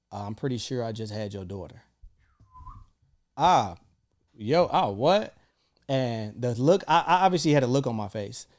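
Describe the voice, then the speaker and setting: Young guy, podcast co-host; loose, profane storyteller who jumps up high when quoting people. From Chicago. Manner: animated, swearing, acts out quoted lines with big jumps in pitch. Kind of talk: casual storytelling chat.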